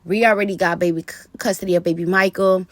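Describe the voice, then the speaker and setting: A woman voicing an anxious pregnant young woman who fears rejection, in her own low voice. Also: steady tone, fast, dry recording, natural voice. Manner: anxious, pleading.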